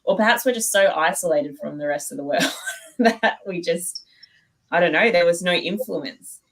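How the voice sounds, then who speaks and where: A woman from Australia with an Australian accent, chatting as a guest author in a casual interview, self-deprecating and quick to laugh. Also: lowish voice, low-quality recording.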